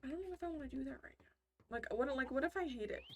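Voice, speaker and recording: Talking fast in a high voice, this woman rambles casually through her video game commentary, chatty and prone to interrupting herself mid-sentence. A little hiss or hum is audible.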